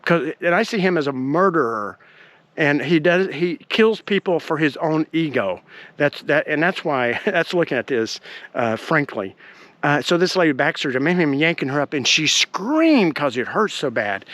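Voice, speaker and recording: A man hosting his own show, telling a personal story in an animated, indignant way with many fillers, recorded on a handheld camera. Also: fairly high pitch, a little fast, no room sound. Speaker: podcast host.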